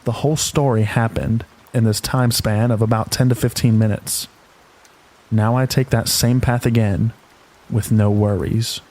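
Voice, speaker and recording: A man calmly reading scary stories aloud in a slow, low-key narration meant to help listeners sleep. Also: low-quality recording. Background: rain sounds.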